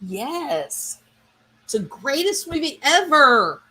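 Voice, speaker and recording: A woman chatting with her viewers in a relaxed, rambling way, thinking aloud as she goes. She speaks slowly, in a fairly high voice, with easy enthusiasm. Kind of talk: casual chat.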